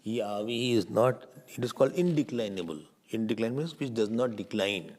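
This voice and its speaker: Man, swami teaching a class; lively, swooping pitch; quizzes the room and answers himself. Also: fairly quick. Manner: questions the class and answers himself, sudden loud stresses. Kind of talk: scripture class.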